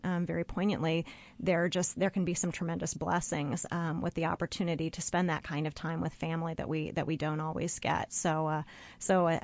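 Earnest woman explaining on radio. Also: sits low. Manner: earnest, explanatory, with frequent restarts. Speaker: guest expert on a radio show. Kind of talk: radio interview. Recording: slightly dull, dry radio sound.

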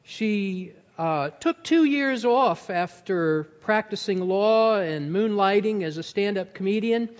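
High-voiced man introducing guests on stage. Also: animated, takes it slowly, few pauses. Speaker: moderator. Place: large hall on stage. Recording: distant echoey hall, muffled.

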